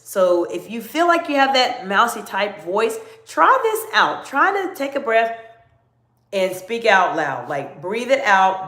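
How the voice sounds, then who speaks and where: A middle-aged woman coaching viewers in a live-stream Q&A, answering them by name and lowering her voice to demonstrate. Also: a bit bright. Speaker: communication coach. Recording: roomy echo.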